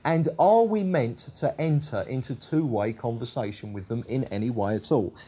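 Speaking at a moderate pace, this man has a medium-pitched voice with a dark, slightly rough tone. He teaches a Bible study, reading passages aloud before discussing them conversationally, with frequent ums, uhs, and on-the-fly self-corrections.

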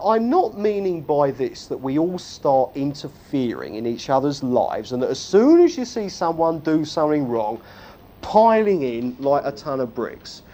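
A man preaching a sermon, telling stories with self-deprecating jokes and a lively, animated delivery. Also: on the high side. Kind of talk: humorous sermon.

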